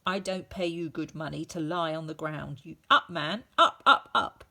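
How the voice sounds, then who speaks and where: A woman's voice: low voice, fairly even intonation, normal speed, creaky. A woman doing a stern barking headmistress. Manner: barking orders.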